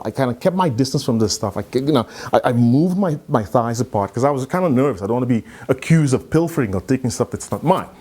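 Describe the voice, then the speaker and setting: A man giving a conference talk, telling a story in an animated way and acting out the dialogue. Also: medium pitch. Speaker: keynote speaker.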